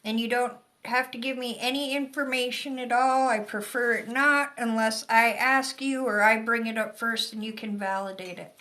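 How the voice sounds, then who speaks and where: A woman's voice: a little high, steady tone, moderate pace, few pauses, pushed and bright. A woman from Michigan's Upper Peninsula with a Yooper accent, giving chatty, rambling psychic readings on a live stream. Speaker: psychic reader. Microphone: phone or webcam on a live stream.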